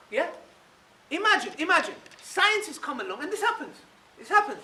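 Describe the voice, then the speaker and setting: Animated man lecturing in an echoey hall. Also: very high-pitched, fast. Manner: animated, keeps asking rhetorical questions with a tag "yeah?". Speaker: Islamic speaker addressing an audience. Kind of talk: lively lecture to a live audience. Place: hall with a live audience. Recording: echoey room, voice from far off, faint noise.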